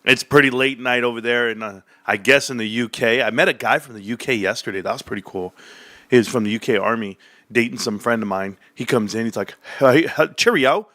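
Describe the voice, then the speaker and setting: A man hosting a casual stock market livestream, ranting animatedly and swearing, jumping between loud bursts and low mutters. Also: fairly even intonation, a little fast, dry recording.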